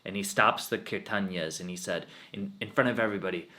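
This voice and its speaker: A monk tells a story to his listeners with animated, heartfelt delivery. His voice is bright and forceful, pitched somewhat low. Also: brisk. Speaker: spiritual teacher, monk. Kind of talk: storytelling talk at a satsang.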